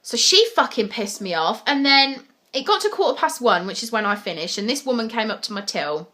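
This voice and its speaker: A young woman talking straight to camera in a casual vlog, blunt and quick to swear, retelling her day in bursts. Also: fairly high pitch, animated, pushed and bright. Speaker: vlogger.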